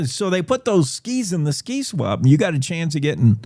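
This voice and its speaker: A man's voice: on the high side, very animated, moderate pace, darkish tone, no room sound. A man hosting a radio show, talking casually with rambling, joking asides.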